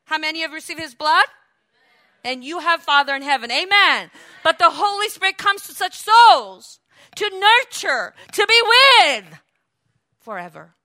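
A woman pastor preaching a sermon, dropping to quiet explaining and then rising into loud, high preaching, asking the congregation questions and calling for amens. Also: very animated, a little slow.

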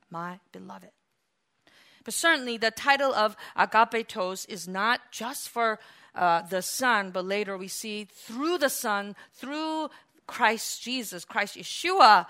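A woman preaching a sermon, emphatic, moving between loud passionate peaks and quiet explaining. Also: a little high.

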